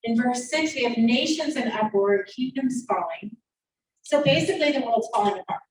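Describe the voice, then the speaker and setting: A woman's voice: fairly high pitch, lively intonation, moderate pace, distant mic, a little hiss or hum. Woman elder teaching scripture over a video call. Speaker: church elder. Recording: echoey video-call audio from off the mic.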